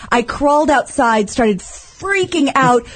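A woman co-hosting a casual podcast chat, telling stories in an animated way and acting out the quotes with shouts. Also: sits high, takes it slowly, breathy edge. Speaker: co-host.

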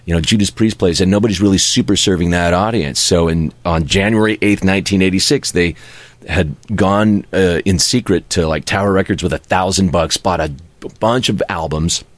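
A man's voice: sits low, a little fast, dry recording. A man co-hosting a casual chat who tells a detailed story from radio history.

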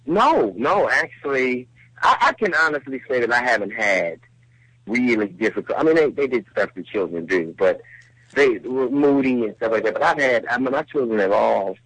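A man with a bright, forceful voice teases his co-host in casual radio banter. The sound is close and dry, with no room around it. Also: mid-range voice, expressive, moderate pace, dry recording, poor audio. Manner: dry teasing.

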